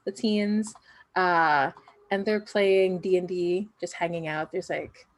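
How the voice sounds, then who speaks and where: A woman's voice: fairly low pitch, steady tone, takes it slowly, no room sound. A woman running a tabletop game, casually describing scenes with many fillers. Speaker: game master.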